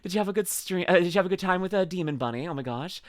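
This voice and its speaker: A woman's voice: on the low side, lively intonation, very fast, no room sound, studio quality. A young Canadian woman with a Canadian accent, chatting casually with viewers on a livestream, bubbly and giggly, calling people darling and bud. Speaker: VTuber streamer.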